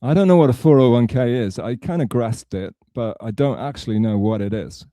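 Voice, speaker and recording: A man's voice: medium pitch, a little fast, dark tone, dry recording. A man from England talking on a livestream, rambling and self-mocking, with a sarcastic, digressive way of telling a story. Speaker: streamer.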